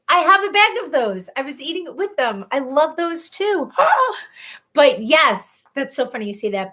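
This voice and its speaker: A woman's voice: high voice, fairly bright tone. A woman in her thirties hosting a casual live stream, reading viewers' comments aloud and talking openly and emotionally. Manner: chatty, emotional, openly personal. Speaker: livestream host.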